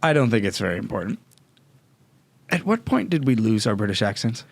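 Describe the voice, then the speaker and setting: A man with a Californian accent co-hosting a podcast in casual chat, with quick, wry asides. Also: fairly low pitch, sing-song, gravelly, no room sound. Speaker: podcast co-host.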